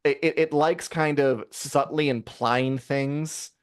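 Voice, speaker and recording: A man co-hosting a live review show in casual chat, rambling and animated, with many fillers and acted-out quotes. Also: mid-range voice, slow, clean tone, no echo, studio quality. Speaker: podcast co-host reviewing a TV episode.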